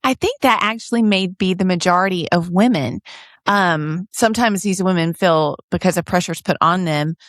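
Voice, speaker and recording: A woman's voice: on the low side, normal speed, no room sound, studio quality. A middle-aged woman co-hosting a podcast in casual chat, telling stories and laughing often. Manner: chatty, laughing, animated storytelling. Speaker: podcast co-host.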